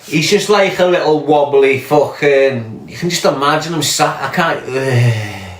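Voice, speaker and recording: A man's voice: fairly high pitch, moderate pace, echoey room. A man with a Scouse accent hosting a podcast, talking in a profane, mocking rant full of scorn. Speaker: podcast host. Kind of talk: casual ranting commentary.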